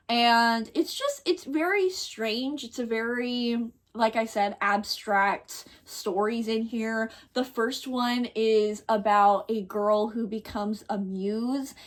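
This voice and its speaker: A young woman in a casual vlog, gushing and chatty with fillers as she talks about her reading. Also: medium pitch. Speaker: book vlogger.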